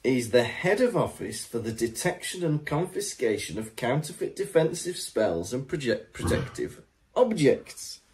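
Lively, wry male podcast co-host. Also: medium pitch, a little slow. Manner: laughs often, wry asides. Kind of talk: casual chat.

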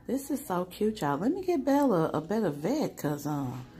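A woman's voice: medium pitch, very animated, normal speed, warm tone. A young woman chatting emotionally with viewers, vlogging on a handheld phone inside an animal hospital. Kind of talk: casual vlog chat.

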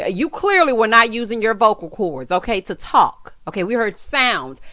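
In a clean studio recording with no echo, a woman with a slightly high, animated, bright and forceful voice recaps a TV episode at a moderate pace. Sassy and casual, she calls the listener child and honey and voices the characters through quoted asides.

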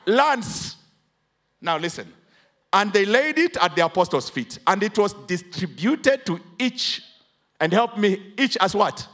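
A man's voice: high-pitched, big pitch swings, measured pace. A Kenyan man preaching a sermon as pastor, mixing English and Swahili, and calling out for responses from the congregation. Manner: dramatic, swings from hushed to loud emphatic.

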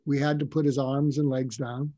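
An older man, a psychiatrist and interview guest, telling stories in a reflective, halting way with frequent restarts. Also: mid-range voice, little pitch movement, mellow, no echo. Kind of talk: storytelling in a conversational interview.

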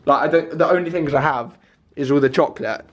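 Tired young guy rambling to his camera in a hotel room, fairly high voice. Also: a little fast, muffled recording. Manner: chatty, excitable, rambling. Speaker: vlogger. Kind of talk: casual vlog chat.

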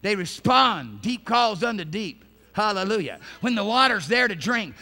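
A pastor in a church, preaching with a high, bright, gravelly voice. He repeats words and stumbles through restarts, and he swings from hushed talk to loud shouted passages. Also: expressive, moderate pace. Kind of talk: sermon.

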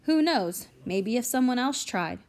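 A woman's voice: on the high side, animated, a little slow. A woman reading an audiobook, voicing a polite, persuasive bachelor businessman ready to retire. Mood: earnest. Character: polite middle-aged male businessman, eager to buy.

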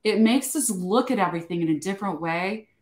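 A woman's voice: medium pitch, expressive, fairly quick, darkish tone, roomy sound. A woman hosting and co-authoring, speaking in a reflective, encouraging way in an interview. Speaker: show host and co-author. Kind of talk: interview talk.

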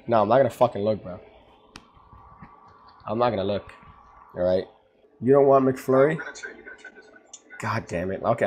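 A man vlogging in casual chat, swearing a lot and getting loudly excited. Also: medium pitch.

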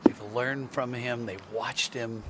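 Male golf co-commentator, mid-pitched. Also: slow pace, heavy background noise. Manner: appreciative, explanatory co-commentary. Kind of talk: broadcast commentary.

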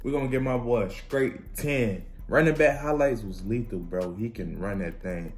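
A young man, bursting into loud exclamations over the plays. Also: fairly low pitch, normal speed. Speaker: reaction channel host. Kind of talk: casual sports highlight reaction.

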